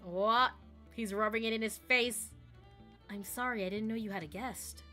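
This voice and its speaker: A woman's voice: fairly high pitch, steady tone, moderate pace, bright, forceful tone, soft background music. A woman game streamer who jokes, laughs often and reads the story text aloud.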